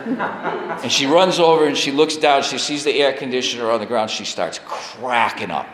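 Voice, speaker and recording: A man in his forties shares a personal story at a recovery meeting in an animated, self-deprecating way, often laughing at himself. His mid-range voice rings around a roomy hall with a long reverb tail. Faint room noise sits underneath. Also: medium pitch, normal speed.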